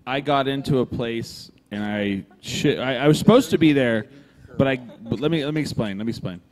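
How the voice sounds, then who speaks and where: A man's voice: mid-range voice, normal speed, slight background noise. A man telling a long, profane story in casual chat, acting out the other people's lines. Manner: profane, animated, acts out dialogue. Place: brewery.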